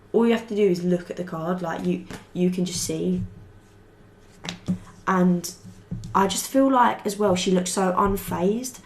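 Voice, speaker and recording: A young woman gives a loose, unscripted tarot reading. Her voice sits a little low. She rambles warmly, swears without a second thought and fills gaps with "like". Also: gravelly. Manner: chatty, rambling, swears freely, peppered with "like". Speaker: tarot reader. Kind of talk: casual tarot reading to camera.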